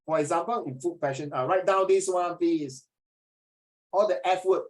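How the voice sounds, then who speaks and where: A man's voice: high voice, normal speed, low-quality recording. Jokey Singaporean man teaching a class. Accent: Singaporean English. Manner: joking, animated, asks students questions.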